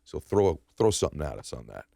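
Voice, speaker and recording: Male podcast host; extremely low voice; reflective, self-aware questioner; dry sound. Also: big pitch swings, fast, gravelly, warm tone, slightly rough, no echo. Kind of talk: podcast interview.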